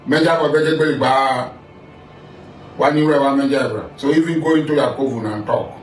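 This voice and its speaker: A man's voice: medium pitch, moderate pace. A middle-aged Nigerian man delivering a confrontational statement, accusing and repeating himself as he talks straight at the listener. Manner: accusing, repetitive, addresses the listener directly. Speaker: political figure making a statement. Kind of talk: confrontational monologue. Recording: echoey room, voice far from mic, faint music.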